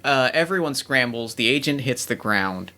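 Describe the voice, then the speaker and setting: A man's voice: medium pitch, lively intonation, moderate pace, pushed and bright. A man hosting and running a tabletop role-playing game, setting scenes in a loose, hesitant way full of fillers. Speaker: game master and host.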